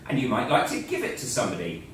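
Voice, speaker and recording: A man's voice: mid-range voice, wildly swooping pitch, racing, fairly bright tone, a little hiss or hum. A man teaching a school assembly, playful and joking as he explains and draws. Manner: playful, joking, talks while drawing. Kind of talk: light-hearted assembly presentation. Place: school room. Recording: echoey room, mic at a distance.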